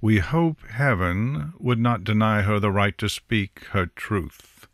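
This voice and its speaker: A man's voice: on the low side, takes it slowly. A man voicing the crown prince of Hell, courteous and persuasive as he addresses a court.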